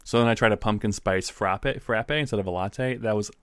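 A young man with a lowish voice trading blunt, deadpan jabs on a podcast. His humor is crude and dry, and he is recorded close with no room echo. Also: a little fast, smooth. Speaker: podcast co-host. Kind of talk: casual banter.

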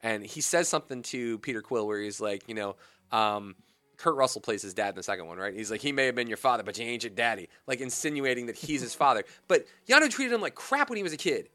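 Bright-voiced man hosting a radio show. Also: brisk, no room sound. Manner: animated, rants with rising pitch and volume. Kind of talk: casual chat. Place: radio studio.

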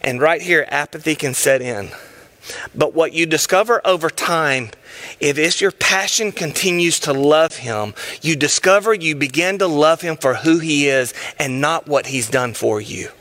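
A male preacher delivers a sermon with emphatic, urgent passion. His voice sits high and sounds bright and forceful. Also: a little slow.

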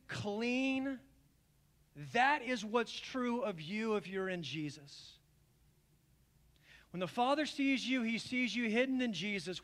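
A man pastor preaching a communion sermon to his congregation, earnest and pleading, swinging from emphatic calls down to low, quiet invitations. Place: church service.

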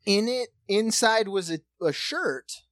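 Brief: chatty man co-host, lively storyteller, swears often, close dry mic. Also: high-pitched, takes it slowly, dry recording. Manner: animated, swearing, acts out quoted voices. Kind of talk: casual storytelling chat.

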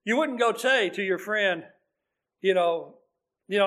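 A man's voice: high-pitched, moderate pace, fairly bright tone. A man preaching a sermon in an earnest, conversational way, reading scripture aloud as he goes.

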